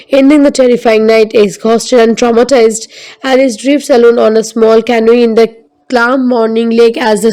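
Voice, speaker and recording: Higher-pitched woman narrating with a mellow tone. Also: rough recording. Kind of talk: scripted film recap narration.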